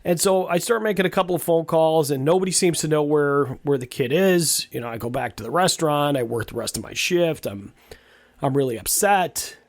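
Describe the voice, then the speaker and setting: A man's voice: fairly high pitch, a little fast, no echo. A man in his fifties, a podcast host telling a personal story in a casual, rambling way, with many restarts and repeated words. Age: 50s.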